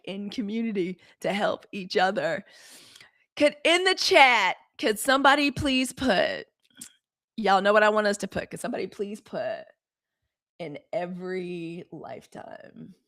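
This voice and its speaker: A woman's voice: medium pitch, fairly bright tone. A woman, hosting a live news show in a dramatic, testifying way. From Mississippi, US. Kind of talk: casual livestream chat.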